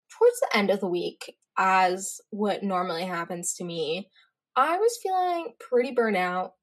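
A teenage girl hosting her own podcast, telling stories in a chatty, rambling way with quick asides. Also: on the high side. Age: teens. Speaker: podcast host. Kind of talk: casual solo podcast chat.

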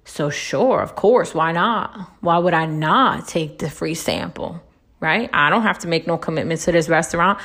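Blunt woman with constant rhetorical "right?". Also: normal speed. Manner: blunt and profane, tags nearly every point with a rhetorical "right?"; lively, swoops up high when making a point. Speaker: relationship advice vlogger. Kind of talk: casual monologue.

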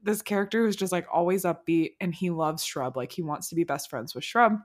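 Relaxed young woman with a lower voice. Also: fairly quick. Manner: relaxed storytelling, laughs while recounting. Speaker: podcast co-host. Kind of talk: casual chat.

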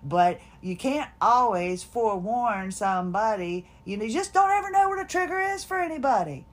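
A woman's voice: a little high, normal speed. A woman hosting a podcast, telling a personal story in a chatty, laughing way, quoting others, tired and finding it hard to talk. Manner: chatty, laughing, animated retelling with quoted voices. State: fatigued, hard time talking. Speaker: podcast host.

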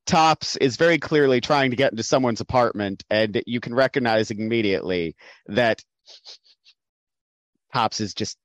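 A man's voice: mid-range voice, normal speed, no room sound. A man running a tabletop game as game master, patiently explaining the rules and narrating the scene.

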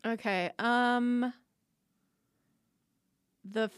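A woman co-hosting a casual podcast, bantering back with quick comebacks. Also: fairly high pitch, fairly even intonation, smooth, no room sound, studio quality. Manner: bright, quick-witted, bantering. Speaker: co-host.

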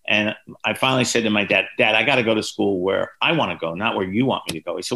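A man in his sixties tells story after story as a podcast guest, his voice lowish but bright and forceful. He acts out the people in his anecdotes, jumping up in pitch for their lines. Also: fast talker, vocal fry. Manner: lively anecdotes, voices quoted people with big pitch jumps. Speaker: author and guest.

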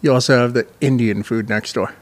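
A man's voice: medium pitch, steady tone, brisk, dry recording. A man co-hosting a podcast in casual crude banter, laughing often and swearing freely. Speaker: podcast co-host.

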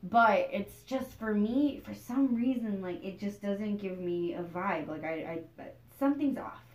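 A woman's voice: mid-range voice, lively intonation, measured pace, darkish tone. A woman comedian in casual chat, swearing and poking fun at herself. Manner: profane, self-deprecating. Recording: echoey room.

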